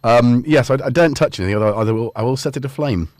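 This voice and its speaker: A man's voice: mid-range voice, fast talker, a little mellow, no echo. A man hosting a casual livestream chat from a home studio, playful and joking with the viewers. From Scotland. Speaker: livestream host. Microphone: studio dynamic mic.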